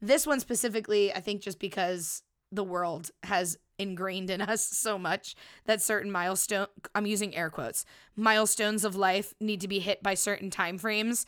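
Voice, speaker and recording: Woman in her 30s, podcast host, bright tone, smooth clear voice, playful casual chat. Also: mid-range voice, normal speed. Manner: chatty, playful, swears casually. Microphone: studio microphone.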